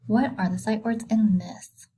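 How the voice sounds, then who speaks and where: Breathy kindergarten teacher woman, encouraging. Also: mid-range voice, steady tone, measured pace, mellow, muffled recording. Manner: patient, encouraging, asks simple questions and praises. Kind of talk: recorded reading lesson for young children.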